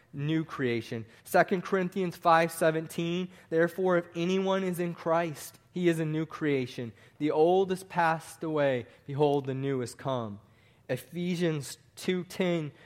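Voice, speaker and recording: Slow, measured male preacher. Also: on the high side. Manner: slow, deliberate preaching with drops at phrase ends. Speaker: pastor. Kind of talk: sermon.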